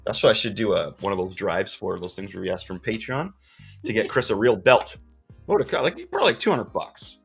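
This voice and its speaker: A man hosting a casual live-stream chat from his comic shop. He is jokey and excitable, with sudden loud bursts. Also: fairly low pitch, brisk, vocal fry, husky, faint music behind. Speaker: podcast host and comic shop owner.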